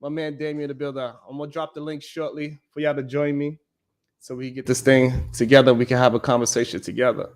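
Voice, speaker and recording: A man's voice: medium pitch, little pitch movement, fast talker. A man, hosting a live stream in a blunt, profane, emphatic casual monologue that keeps checking in with "you know what I'm saying". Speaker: live-stream show host.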